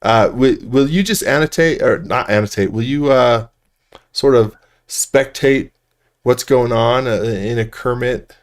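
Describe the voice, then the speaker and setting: Speaking unhurriedly at a medium pitch, the host of a casual livestream shows how to model furniture in 3D software. He mumbles to himself as he goes, leaves sentences unfinished, and keeps laughing at his own expense.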